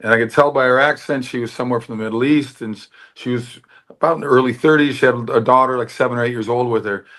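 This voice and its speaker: A middle-aged American actor and producer tells stories as a guest in a candid interview, animatedly acting out the quoted dialogue. His voice is medium-pitched and he talks fast.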